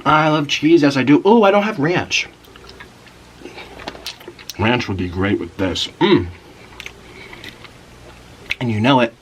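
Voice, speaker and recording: A man's voice: mid-range voice, lively intonation, slow, pauses often, slight background noise, poor audio. A man hosting an eating video, chatting casually and rambling while he eats and murmurs with each bite. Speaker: mukbang host.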